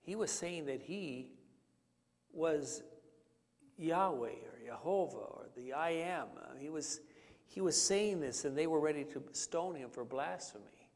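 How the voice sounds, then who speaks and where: A man's voice: fairly high pitch, measured pace, darkish tone. A man preaching a conversational Bible study, teaching with fillers and questions to the congregation. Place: church sanctuary. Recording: church hall reverb.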